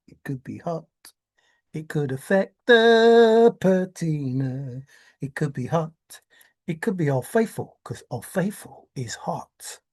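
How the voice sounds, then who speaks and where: Woman, solo vlog rant, slow and very animated, exclaiming, melodramatic. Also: deep voice. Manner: theatrical, exclaiming, mock-despairing, repetitive. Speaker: treasure hunt video maker. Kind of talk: excited solo monologue.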